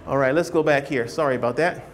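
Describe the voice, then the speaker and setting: A man teaching a writing class, animated, often asking students whether they follow and acting out hedging speakers. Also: fast, slight background noise. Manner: animated, keeps checking understanding with questions; acts out hedging speakers in a higher voice. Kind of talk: classroom lecture.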